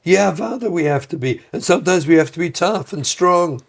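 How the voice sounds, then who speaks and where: Animated man speaking on parenting. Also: sits high, brisk, vocal fry. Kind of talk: conversational discussion.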